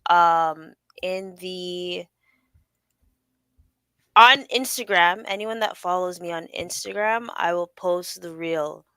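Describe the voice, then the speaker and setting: A woman podcast host who chats casually with her guest, enthusiastic and quick to react with lively exclamations. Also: fairly low pitch, smooth, no room sound. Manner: enthusiastic, with lively exclamations and playful put-on voices. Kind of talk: casual interview chat.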